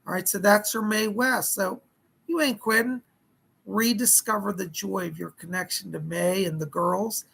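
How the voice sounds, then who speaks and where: Man, psychic medium, hoarse, gravelly, husky, chatty and folksy, live-stream readings. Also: sits high, fairly even intonation, moderate pace, fairly bright tone, poor audio. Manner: chatty and folksy, thanking viewers by name. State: hoarse, losing his voice.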